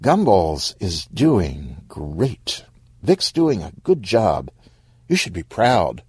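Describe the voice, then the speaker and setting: A man's voice: low-pitched, wildly swooping pitch, slow pace, a little mellow, husky, no room sound, studio quality, exaggerated voice. A man voicing a breezy, dismissive woman venture capitalist.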